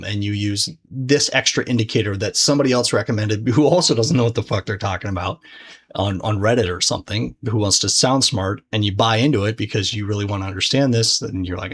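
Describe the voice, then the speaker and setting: Laid-back man teaching, low voice. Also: fairly bright tone. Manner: casual, profane, conversational with frequent restarts; speaks directly to the viewer. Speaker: trading course instructor. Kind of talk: casual recorded lesson.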